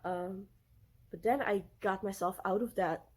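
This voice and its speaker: A woman's voice: mid-range voice, a little slow, darkish tone. A young woman vlogging about parenting, telling stories in a casual chatty way with lots of fillers and restarts. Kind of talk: casual storytelling to camera.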